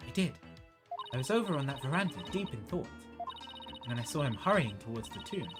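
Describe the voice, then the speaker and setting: A man voicing a proud, scornful young princess with a lowered, clipped, imperious reading. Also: big pitch swings, a little fast, over music, close to an everyday voice. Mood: haughty. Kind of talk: reading game dialogue aloud.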